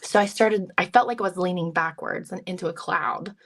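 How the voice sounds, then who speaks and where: A woman with a low, gravelly voice sits as an interview guest and tells a personal story. She is a psychic medium who speaks earnestly and with feeling, often acting out her own past thoughts. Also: fairly quick. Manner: earnest and emotional, retelling with self-quotes.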